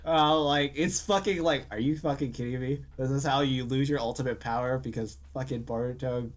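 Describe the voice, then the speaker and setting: A man's voice: medium pitch, steady tone, fairly quick. A man co-hosting a casual podcast, ranting animatedly with frequent swearing and exasperated outbursts. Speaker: podcast co-host. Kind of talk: casual chat.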